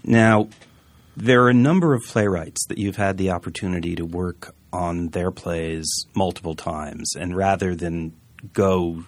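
Low-voiced interviewer asking measured questions. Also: male voice.

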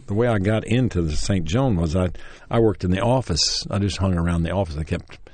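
With a deep, darkish voice and a brisk pace, captured in a dry recording, an older man with a Tennessee accent gives an anecdotal interview about his early acting years. He rambles, restarts, and chuckles, and performs quoted lines more energetically.

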